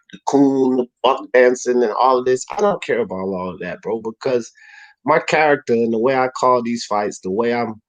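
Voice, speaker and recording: A man hosting a boxing talk livestream, animated and heated, swearing freely and rising to shouts. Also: medium pitch, low-quality recording.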